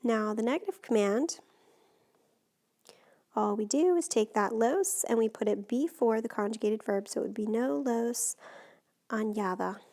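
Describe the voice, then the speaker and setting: A woman's voice: fairly high pitch, a little slow, pauses often, dark tone. A woman teacher explaining Spanish grammar step by step in a patient, recorded lesson.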